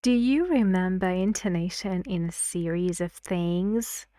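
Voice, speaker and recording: A woman teaching an English pronunciation lesson, speaking slowly and clearly and reading example sentences aloud. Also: lowish voice, dark tone, dry recording, studio quality.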